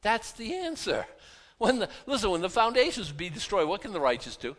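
A pastor preaching a sermon in a conversational, animated way, full of rhetorical questions. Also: male voice, high-pitched, fairly quick.

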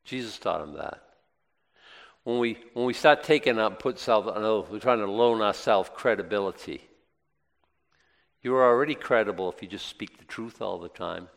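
A man's voice: lowish voice, expressive, normal speed, gravelly. A man with a Boston accent teaching scripture in a folksy, rambling way, often restarting his sentences. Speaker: preacher. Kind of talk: casual Bible teaching. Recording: long hall reverb.

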